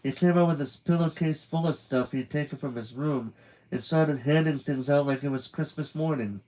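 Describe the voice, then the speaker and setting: A man's voice: on the high side, normal speed, warm tone, natural voice, poor audio. A man reading the lines of a blasé teenage girl patient in an offhand, matter-of-fact way.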